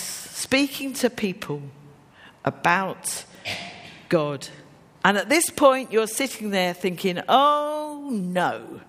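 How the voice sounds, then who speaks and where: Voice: mid-range voice, a bit bright. A preacher giving a conversational sermon to a congregation, putting simple yes-or-no questions to them. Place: church with a congregation. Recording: long reverb of a large hall.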